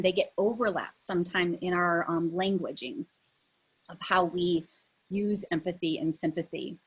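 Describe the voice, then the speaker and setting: Woman, husky tone, webinar presentation, video call, chatty with fillers. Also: medium pitch. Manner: conversational, many fillers, emphatic. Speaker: leadership coach.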